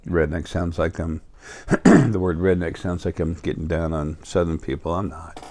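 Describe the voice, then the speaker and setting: A middle-aged man with a New York accent rambles through a casual spiritual monologue, stopping often on fillers and restarting his sentences. His voice sits very low. The sound is dry and close. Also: steady tone, normal speed, darkish tone, no room sound. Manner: meandering, many fillers and restarts. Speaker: spiritual video host.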